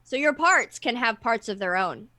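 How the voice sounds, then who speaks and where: A woman's voice: fairly high pitch, expressive, normal speed, bright, forceful tone. A woman who works with clients, talking openly and explaining things in casual chat. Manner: open, explanatory, many fillers. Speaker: therapist.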